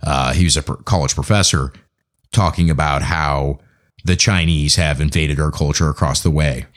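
This American man hosts a podcast and goes on a profane, chatty opinion monologue. His voice is extremely low and steady in tone, at normal speed.

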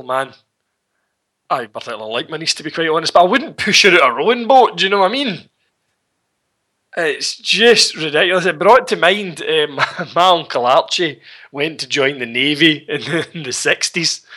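Co-host, middle-aged, sweary rambling recap, bright tense voice, slightly high. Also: male voice, moderate pace. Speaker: podcast co-host. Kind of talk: casual film recap chat.

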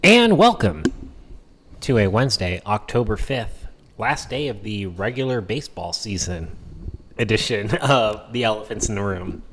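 A man's voice: on the low side, big pitch swings, normal speed, fairly bright tone, big-room sound, slight background noise. Sarcastic male podcast host. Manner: wry, sarcastic, rambling. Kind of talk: sarcastic political commentary.

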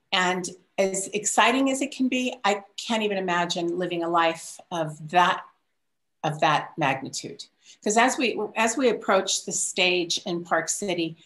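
An older woman tells a long personal story in a relaxed, chatty way. She laughs often and lifts her voice to play the people she quotes. Her pitch sits in a middle range. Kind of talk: casual storytelling.

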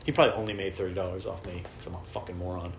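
A man's voice: low voice, steady tone, rapid-fire, a little hiss or hum. Rambling, profane man telling a story. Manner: rambling, profane, self-deprecating. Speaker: vlogger. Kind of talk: casual storytelling. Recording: roomy with faint ambience.

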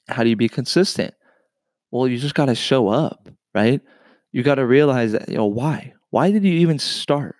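A man's voice: medium pitch, darkish tone, dry recording. A man giving an earnest, encouraging talk about losing weight, speaking straight to his viewers and repeating his points. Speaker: weight loss vlogger. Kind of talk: motivational talk to camera.

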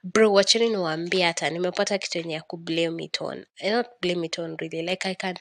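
A woman's voice: fairly low pitch, fairly even intonation, fast talker, creaky, dry recording, studio quality. A young woman with a Kenyan accent hosting a casual solo podcast, rambling and dramatic, laughing often. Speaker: podcast host.

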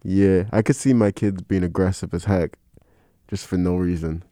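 A man's voice: sits low, moderate pace, no echo, clean studio sound. A young man co-hosting a podcast, telling funny stories casually and laughing often. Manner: laughs a lot, animated storytelling with voices. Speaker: podcast co-host. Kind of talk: casual chat.

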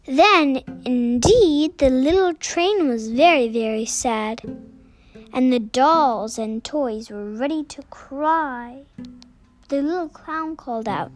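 A woman reading a children's picture book aloud, slow and expressive. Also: sits high, faint music behind. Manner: slow, expressive, sing-song. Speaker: storybook reader.

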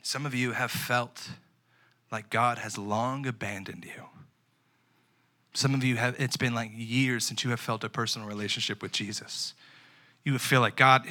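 A young man preaching a sermon, switching between lively storytelling and hushed, earnest moments. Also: medium pitch. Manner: animated preaching that swings between loud and hushed; casual, chatty storytelling with fillers. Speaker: pastor.

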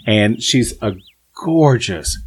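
A man's voice: medium pitch, takes it slowly, breathy edge. Podcast guy chatting with friends, gushy, voice bouncing all over, laughs a lot. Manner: gushing and animated, laughs often. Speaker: podcast co-host. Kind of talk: casual group chat.

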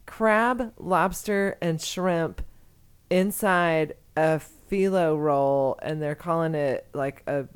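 A woman's voice: sits low, slow pace, clear, resonant tone. A woman from Texas co-hosting a podcast in casual chat, talking in an exclamatory, rambling way and swearing freely. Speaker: podcast co-host.

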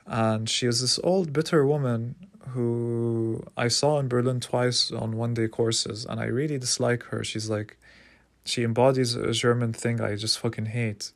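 A man's voice: mid-range voice, steady tone, normal speed. A young man telling a personal story in a rambling, profane, casual way, often repeating words.

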